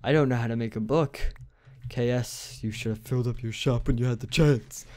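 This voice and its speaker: A man's voice: medium pitch, steady tone, fairly quick, dark tone. A man giving casual game commentary, rambling with many fillers and restarts. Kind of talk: casual let's-play commentary.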